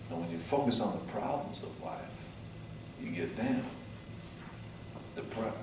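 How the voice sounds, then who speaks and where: Man, motivational speech, low voice, dramatic storytelling, booming hall echo, distant mic. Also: lively intonation, a little slow, pauses often, a little hiss or hum. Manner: dramatic storytelling, swings from hushed to loud. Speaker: motivational speaker. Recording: echoey hall, mic from afar.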